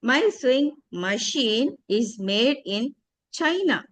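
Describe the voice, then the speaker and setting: A woman with an Indian English accent teaching English pronunciation, saying each word slowly and repeating it for a student to echo. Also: fairly high pitch, lively intonation. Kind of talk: pronunciation drill lesson.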